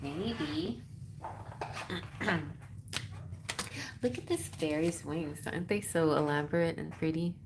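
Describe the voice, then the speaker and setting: A woman's voice: low-pitched, slow pace, long pauses, noisy background. A woman giving a chatty live-stream tarot reading, giggling and reading card messages aloud. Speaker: tarot reader.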